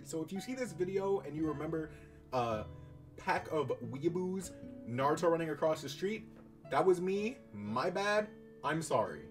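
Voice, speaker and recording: A young man in college telling a story about his own past in a casual, animated, self-mocking way, swearing freely. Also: on the high side, measured pace. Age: young adult. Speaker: YouTuber. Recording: distant mic, faint guitar music behind.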